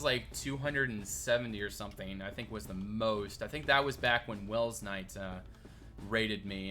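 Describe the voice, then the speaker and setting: A man with a bright, forceful voice rambles casually through a live stream, thinking out loud as he builds. He answers his viewers' chat between stray remarks about the work, over a desk mic with keys clicking now and then. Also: on the low side.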